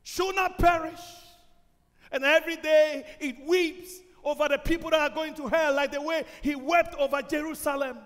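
A male pastor preaching a sermon in a church, impassioned and often shouting. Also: very high-pitched, fairly even intonation, normal speed. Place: church sanctuary. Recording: long hall reverb.

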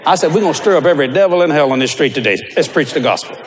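A man preaching a sermon, telling stories with animated delivery and bursts of shouting. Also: fairly high pitch, rapid-fire, slight background noise. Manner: animated storytelling, breaks into shouts.

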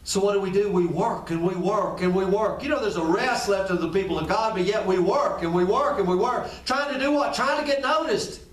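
This pastor's sermon comes quickly, in a high voice with few pauses. He's conversational and direct with his listeners, leaning on repeated phrases. The mic sits far off in a room full of echo.

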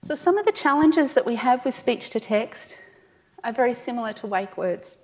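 Aussie woman presenting at a conference, highish voice, joking around with the crowd. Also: expressive, moderate pace, a little mellow, big-room sound. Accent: Australian. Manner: chatty, jokes with the audience. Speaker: conference speaker. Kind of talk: conference talk.

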